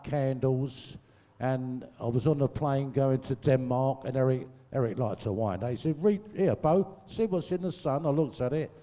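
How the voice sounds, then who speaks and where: This older man has a dark, medium-pitched voice. Performing as a guest storyteller at a large live show, he tells coarse, swearing comic stories into a stage microphone, laughing at his own gags in an echo-filled hall.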